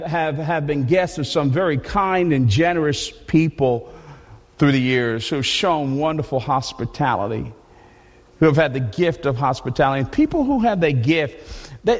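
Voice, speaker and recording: A man preaching a sermon in a conversational, animated way, often restarting his sentences. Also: on the high side, long reverb tail. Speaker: pastor. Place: church.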